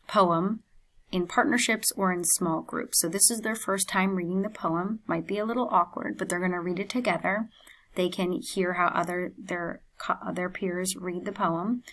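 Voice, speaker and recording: A young woman with a slightly low voice walks through a teaching plan step by step. She speaks in a measured, explanatory way and pauses with the odd filler. Her tone stays plain and instructional. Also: a bit bright. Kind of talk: instructional presentation.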